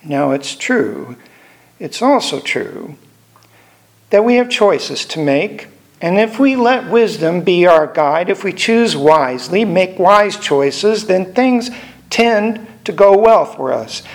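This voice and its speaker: An older man preaching a sermon in a measured way, repeating phrases for emphasis. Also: high voice, lively intonation.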